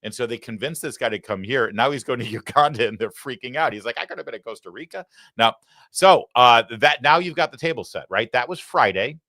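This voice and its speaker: A man's voice: mid-range voice, fairly quick, sharp tone, no echo. A man hosting a live political commentary show, talking in a sarcastic, mocking way into a studio microphone. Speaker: talk show host.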